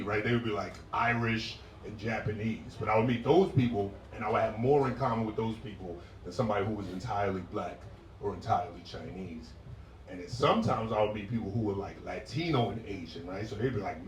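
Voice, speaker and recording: A male stand-up comedian with a lowish voice works through a brisk, profane set, doing crowd work and slipping into acted voices. It's a live show with passersby nearby, recorded roomy from a distant mic with the audience audible and a little hiss or hum.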